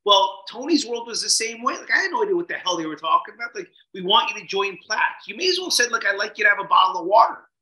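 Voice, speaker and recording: Animated storytelling man, bright voice. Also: high voice, fast, hardly any pauses, echoey room, lo-fi sound. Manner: animated, swears casually, acts out quotes. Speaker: podcast guest.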